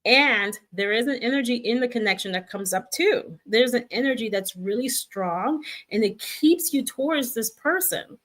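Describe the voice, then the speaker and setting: A woman's voice: fairly high pitch, expressive, normal speed, hardly any pauses. A middle-aged woman hosting a casual spiritual guidance talk, speaking reassuringly to her viewers and acting out the voices in their heads. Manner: warm, reassuring, acts out viewers' inner voices.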